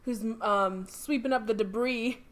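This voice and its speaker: A woman's voice: fairly high pitch, measured pace, fairly bright tone. A woman co-hosting a podcast, improvising a comic story in a rambling, playful way. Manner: rambling, playful, many restarts. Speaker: podcast co-host.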